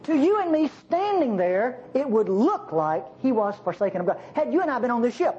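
A preacher delivering a sermon in an animated way, with jokey asides to the congregation. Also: medium pitch, fairly quick, hardly any pauses. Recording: slightly dull recording with faint hiss.

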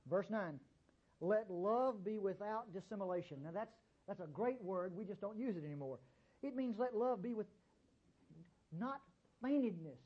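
A man delivers a sermon in a husky voice. His pitch swings widely, leaping up and dropping low as he presses his points and keeps urging listeners to hear him. The recording sounds dull and lo-fi. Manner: emphatic, repeats "listen to me", sudden jumps in pitch and volume. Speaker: preacher.

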